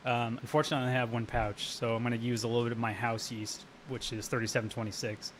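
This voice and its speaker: A man's voice: medium pitch, flat delivery, fast talker, slight background noise. Laid-back swearing homebrewer man. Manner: rambling, profane, laughs while telling stories. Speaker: homebrewer streaming live. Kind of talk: casual live-stream chat.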